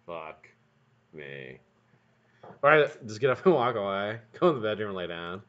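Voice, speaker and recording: Man, live-stream host, casual profane chatter, lively swinging pitch, dull lo-fi audio. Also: normal speed. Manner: rambling, profane, joking asides to chat. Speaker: livestream host building vape coils. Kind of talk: casual live-stream chat while working. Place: home workshop room.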